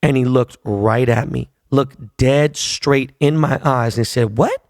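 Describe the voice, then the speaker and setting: A man hosting a podcast, telling a story in a loose, profane, animated way. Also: mid-range voice, measured pace, no echo, studio quality. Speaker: podcast host. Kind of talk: casual storytelling.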